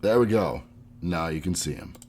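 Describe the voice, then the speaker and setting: A man's voice: low voice, normal speed, a little mellow, slight background noise. A man hosting a live-streamed podcast while sick, reading gaming history notes and chatting casually. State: sick, under the weather. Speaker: podcast host.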